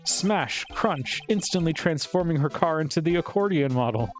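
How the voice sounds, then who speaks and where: A man's voice: on the high side, lively intonation, moderate pace, soft background music, pitched above the performer's own voice, lightly acted. A man voicing a pompous, arrogant male surgeon who huffs and blusters with self-pity. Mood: blustering. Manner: huffy, self-pitying, blustering.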